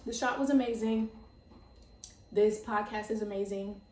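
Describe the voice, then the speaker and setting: A young woman in her twenties hosting her own podcast, excitable and chatty, full of "like" and laughs. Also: mid-range voice, moderate pace, reverberant, far from the mic. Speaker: podcast host. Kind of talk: casual chat.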